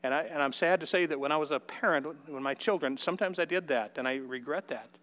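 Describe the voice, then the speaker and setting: A man's voice: fast, a bit bright. An older man telling a folksy personal story in a sermon, acting out the dialogue in a raised voice. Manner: folksy, acts out the dialogue with rising pitch.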